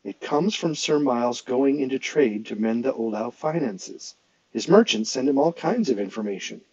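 A man's voice: mid-range voice, expressive, normal speed, a little mellow, dry recording. A smug teenage boy page passes on court gossip in a knowing, confiding tone, as a man reading aloud puts him on. The voice sits near the reader's own, dry and a little muffled.

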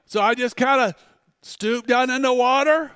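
A man preaching a sermon as a pastor, telling stories and swinging between loud outbursts and hushed asides. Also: very high-pitched, moderate pace, smooth, dry recording, clean studio sound, long reverb tail. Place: church sanctuary.

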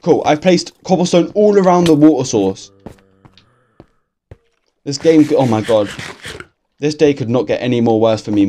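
A young English man giving casual, excitable gameplay commentary from his bedroom, swearing constantly and talking to himself. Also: medium pitch, a little hiss or hum. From England. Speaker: gaming youtuber. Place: bedroom at home.

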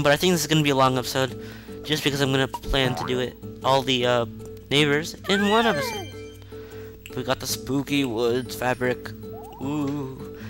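A man casually commenting on a video game as he plays, chatty and rambling, with self-mocking asides and excited outbursts. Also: medium pitch. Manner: excitable outbursts during play. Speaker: video game let's-play host. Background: faint game music.

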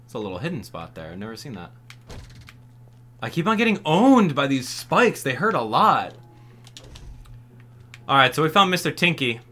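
A man hosting a video game walkthrough, commenting in an excitable way and exclaiming often. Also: mid-range voice, moderate pace, pauses often. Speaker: gaming channel host.

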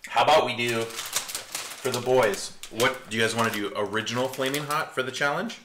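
A man's voice: medium pitch, fairly even intonation, moderate pace. A man in his forties, a dad hosting a casual family livestream, joking around and reading viewer comments aloud. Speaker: family vlog host and dad. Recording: roomy echo with background noise.

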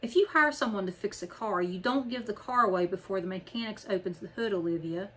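A woman's voice: mid-range voice, brisk, fairly bright tone, a little hiss or hum, natural voice. A woman voicing a grumpy, blunt old male book appraiser in an audiobook reading. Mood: indignant. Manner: gruff, blunt, dismissive.

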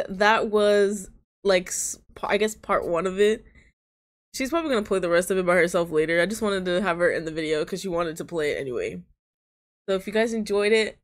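A young woman hosting a gaming video, reading the game's narration aloud and chatting casually with playful, teasing humor. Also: medium pitch. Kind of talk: reading game text aloud, casual commentary.

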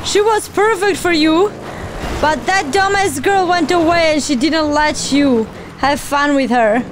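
A woman reacting to a game on her own channel, sounding teary and half laughing as she comments in a high voice. She talks slowly and drawn out, with clear background noise behind her. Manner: sing-song, teary, laughing. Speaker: gaming channel host.

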